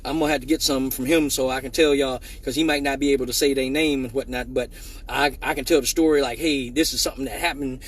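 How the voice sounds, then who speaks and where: A man hosting a live stream, telling a profane story in a lively way and acting out the voices of the people in it, with many restarts. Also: mid-range voice, quick pace, recorded from a distance. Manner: animated, acts out quoted voices with many restarts.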